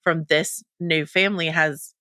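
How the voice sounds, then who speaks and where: A woman's voice: low voice, steady tone, unhurried, bright, forceful tone, dry recording, clean studio sound. A woman co-hosting a casual pop-culture podcast, playful and wordy with many fillers and rambling asides. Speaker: podcast co-host.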